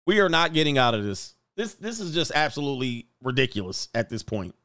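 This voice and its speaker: A man's voice: medium pitch, expressive, fairly quick, fairly bright tone, no room sound. A man hosting a casual livestream, joking and laughing as he reads out viewer comments. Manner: joking, laughs often, slangy. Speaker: show host.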